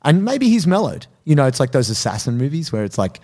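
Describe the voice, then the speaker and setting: A man co-hosting a podcast, telling a story in casual chat and acting out quotes in a higher voice. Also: quick pace. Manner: animated, acts out quotes in high voices. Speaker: podcast co-host.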